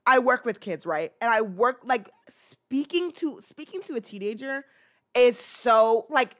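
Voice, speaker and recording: A woman's voice: fairly high pitch, unhurried. A woman in her twenties hosting a podcast, talking casually and ranting with lots of restarts. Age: 20s. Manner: animated, ranting, many restarts. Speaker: podcast host. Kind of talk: casual commentary rant.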